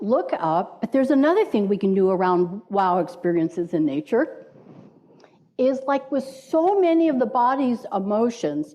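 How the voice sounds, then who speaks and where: A woman's voice: fairly high pitch, a little mellow, lo-fi sound. A woman minister giving a playful sermon in a church, inviting the congregation to repeat words with her. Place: church sanctuary.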